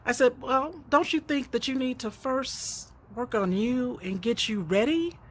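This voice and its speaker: A woman's voice: a little high, measured pace, a little hiss or hum. A woman author and counselor giving an unscripted, earnest motivational talk, preaching and telling stories with dialogue.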